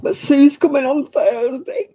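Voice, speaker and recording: A woman's voice: high-pitched, unhurried, mellow. A woman hosting a casual livestream chat, talking to viewers by name and laughing often. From England. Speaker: livestream host.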